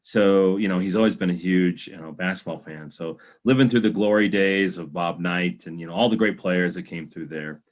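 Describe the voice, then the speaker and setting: A man's voice: low voice, moderate pace, few pauses. A man hosting a podcast, chatting casually with frequent fillers as he asks about his guest's past. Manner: conversational, with fillers. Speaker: podcast host. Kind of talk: casual interview.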